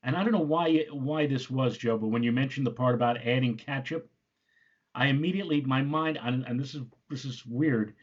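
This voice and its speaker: A man co-hosting a casual chat, relaxed and teasing, reading quiz questions. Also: medium pitch, a little fast. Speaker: co-host. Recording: dull lo-fi sound.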